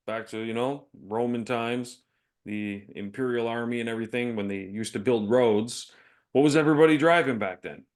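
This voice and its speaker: A chatty man co-hosting a business podcast, with a voice of ordinary middle pitch. He talks casually, tells stories and laughs often as he goes. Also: moderate pace. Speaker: podcast co-host.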